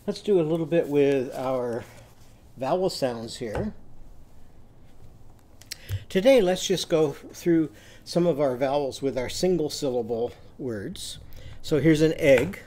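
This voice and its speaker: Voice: medium pitch, expressive, slow pace, pauses often, mellow. A literacy teacher giving a children's lesson, explaining sounds in a patient, step-by-step way.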